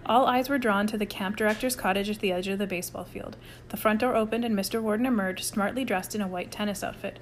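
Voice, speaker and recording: A woman reading a children's novel aloud in an even storytelling manner. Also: medium pitch, fast talker, slight background noise. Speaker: audiobook reader. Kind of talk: scripted narration.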